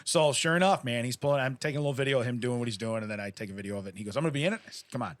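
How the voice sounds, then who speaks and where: A man's voice: medium pitch, very fast, dry recording. A middle-aged man co-hosting a podcast, telling a rambling story in casual chat, laughing often and acting out what people said. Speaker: podcast co-host.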